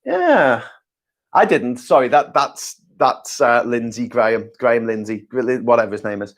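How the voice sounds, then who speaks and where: Reading out viewer comments on a loose live stream, this host rambles, fixes his sentences partway through, and drops sarcastic jokes and offhand swearing. His mid-range voice has lively intonation and a measured pace.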